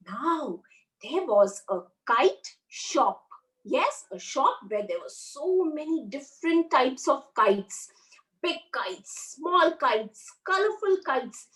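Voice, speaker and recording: Animated Indian woman teacher telling stories. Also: on the high side. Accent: Indian English. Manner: animated, asks children questions. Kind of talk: storytelling to young children. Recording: roomy, far from mic.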